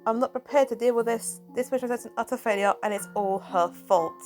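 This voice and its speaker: A woman's voice: on the high side, a little fast, darkish tone, soft background music, close to an everyday voice. A woman voicing a timid, anxious young team leader who speaks hesitantly and sounds downcast. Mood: dejected.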